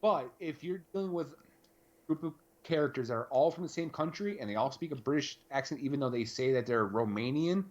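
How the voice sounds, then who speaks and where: A man's voice: medium pitch, a little fast, darkish tone, dull audio. A man co-hosting a live stream, talking in a rambling, casual way with plenty of fillers. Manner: rambling, conversational, lots of fillers. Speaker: podcast co-host.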